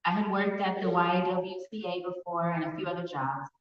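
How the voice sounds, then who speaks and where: A woman from Pasadena, California, giving personal testimony as a survivor speaker in a large hall, telling her story earnestly with hesitant pauses. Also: lowish voice, fairly even intonation, slight background noise. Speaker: survivor speaker at an awareness event. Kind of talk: personal testimony in a public talk. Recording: echoey hall from far off, dull sound.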